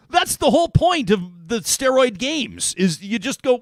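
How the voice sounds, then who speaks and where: A middle-aged Canadian man hosting a talk radio show, animated and chatty, reading listener comments and laughing often. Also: high-pitched, moderate pace, hardly any pauses, no echo, studio quality.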